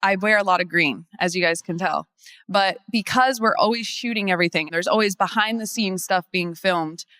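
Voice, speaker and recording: A woman's voice: mid-range voice, normal speed, fairly bright tone, no room sound. Chatty laughing woman lawyer on a panel. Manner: candid, chatty, laughs often. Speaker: lawyer and firm owner. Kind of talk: conference panel talk.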